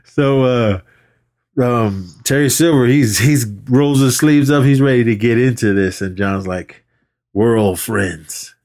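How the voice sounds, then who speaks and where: Animated man recapping a movie. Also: medium pitch. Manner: animated retelling, quick to act out quotes, swears freely. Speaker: podcast co-host. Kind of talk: casual movie recap chat.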